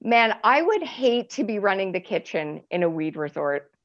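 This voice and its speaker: A woman's voice: mid-range voice, very animated, moderate pace, a bit bright. A woman in her forties doing a chatty, self-mocking stand-up set, laughing at her own jokes. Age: 40s. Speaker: stand-up comedian. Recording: lo-fi stream audio.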